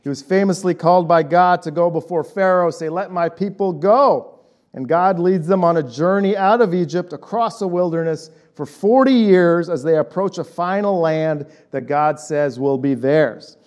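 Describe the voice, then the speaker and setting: Pastor, man in his late 30s, casual sermon delivery, slightly higher voice, checks in with the room. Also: normal speed, hardly any pauses, a little mellow. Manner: conversational, checks in with "right?".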